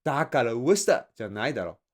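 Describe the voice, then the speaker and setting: A man playing a gruff middle-aged boss who rapidly scolds his junior employee. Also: medium pitch, sing-song, voice pushed down. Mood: scolding. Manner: rapid, barking, nitpicking.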